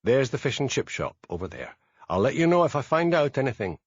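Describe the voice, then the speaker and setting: A man playing a steady Highland police sergeant with a Scottish Highland accent in an audiobook, calm and dry. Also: a little fast, slightly rough, dry recording, highs cut off. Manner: calm, dry, gently commanding.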